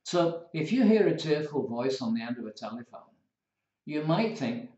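A man teaching law in a lively, storytelling way, acting out little scenes to make his points. His voice sits fairly high. The recording is roomy and dull, like an old lecture tape. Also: moderate pace. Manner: playful, animated storytelling with acted examples. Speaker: law tutor.

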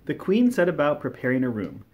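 A man reading a classic children's story aloud, telling it in a warm, expressive storytelling manner. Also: on the high side, fairly quick, dull audio. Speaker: storybook reader.

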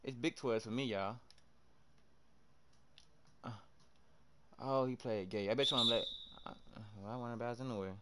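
During a live basketball gaming stream, a young streamer talks to his audience and trash-talks opponents, reacting loudly and animatedly to the plays. His mid-range voice moves at a moderate pace with long pauses, over slight background noise.

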